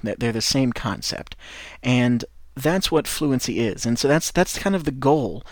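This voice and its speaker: With a medium-pitched, animated voice and an unhurried pace, a Midwestern American English teacher hosts a podcast lesson aimed at French learners. He rambles encouragingly like a pep talk and restarts casually and often. The recording is dry booth sound with no room sound.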